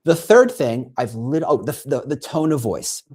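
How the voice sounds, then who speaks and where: A man with a husky, breathy edge to his voice talks through his ideas in a lively, bouncing pitch. He stumbles and restarts often, and slips into little acted-out quotes to make his point. He sounds like an animated guest on an interview show. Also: moderate pace. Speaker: guest expert on recruiting. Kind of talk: conversational interview.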